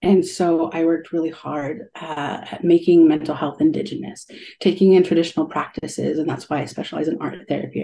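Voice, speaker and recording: A woman's voice: low voice, gravelly, mellow. A young adult woman, an art therapist, telling a heartfelt story in a radio interview, with many ums and likes.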